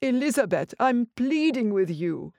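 A man's voice: extremely high pitch, very animated, measured pace, a little mellow, no echo, studio quality, pitched above the performer's own voice, heavily acted. Woman doing a flirty French pastry chef. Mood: pleading. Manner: exuberant, pleading, flirty.

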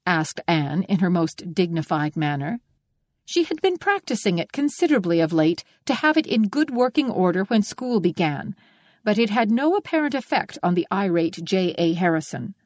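A woman narrating a classic novel as an audiobook, reading in an expressive storytelling manner. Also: fairly low pitch, moderate pace, no echo, studio quality.

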